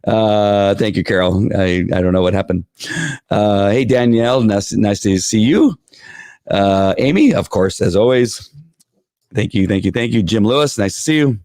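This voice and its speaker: A man's voice: lowish voice, normal speed, darkish tone, no echo, studio quality. A man hosting a live political talk show from home, exasperated and rambling, with frequent restarts as he reads viewer comments.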